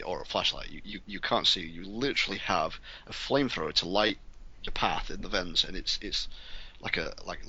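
A man co-hosting a casual podcast chat, retelling game moments in an animated, vivid way. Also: fairly low pitch, muffled recording. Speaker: podcast co-host.

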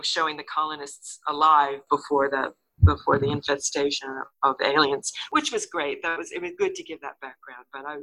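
An older woman, an actress and interview guest, telling a story in a casual, lively way and acting out the lines she quotes. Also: poor audio. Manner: lively, acts out quotes with big pitch jumps.

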